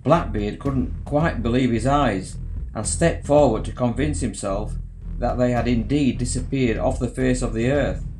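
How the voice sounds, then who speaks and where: A man narrating a children's adventure story in a measured, even way. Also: medium pitch, reverberant, faint music behind. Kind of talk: scripted narration.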